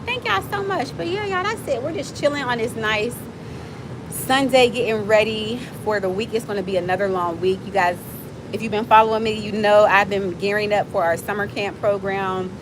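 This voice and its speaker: A woman of forty from Miami, chatting fast and playfully with viewers as host of her own livestream. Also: medium pitch, noisy background. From Miami, USA. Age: 40s. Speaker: livestream host, nonprofit founder. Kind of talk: casual livestream chat with viewers.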